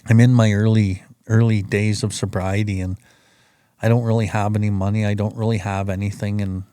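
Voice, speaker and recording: Middle-aged male podcast host, blunt and profane storyteller; dark, dry close sound. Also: fairly low pitch, little pitch movement, brisk, smooth, no echo. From Canada. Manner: rambling, profane, plain-spoken. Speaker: podcast host sharing his recovery story. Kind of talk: casual storytelling.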